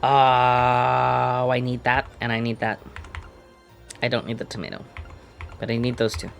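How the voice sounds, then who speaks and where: Playful streamer with soft music. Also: medium pitch, level tone, measured pace, vocal fry. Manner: playful, reads game dialogue aloud. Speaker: streamer playing a game. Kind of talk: casual let's-play commentary.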